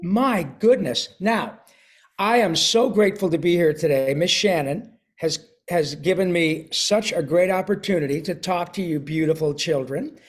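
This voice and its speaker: An older male voice actor with a high voice, speaking at normal speed, chats with a class of children on a video call and reads them a picture book. Now and then he clears his throat.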